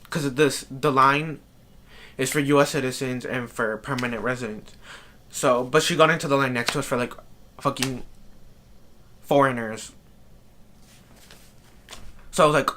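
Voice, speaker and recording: A man's voice: mid-range voice, normal speed, long pauses, sharp tone. A man telling a rambling storytime vlog, exasperated and full of "like" fillers. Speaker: vlogger. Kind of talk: casual storytime rant.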